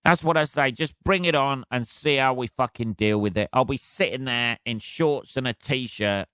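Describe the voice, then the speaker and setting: A man's voice: medium pitch, moderate pace, a bit bright, smooth, no echo. Sweary man ranting solo. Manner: profane, rambling, sardonic. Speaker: podcast host. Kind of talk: solo comedic rant.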